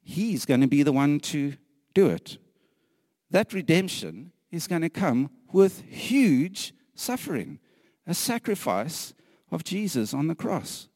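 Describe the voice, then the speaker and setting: A man preaching a sermon earnestly, repeating phrases for emphasis, sometimes dropping to a hushed whisper and laughing lightly between points. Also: fairly high pitch, very animated, slow pace, dry recording, clean studio sound, big-room sound.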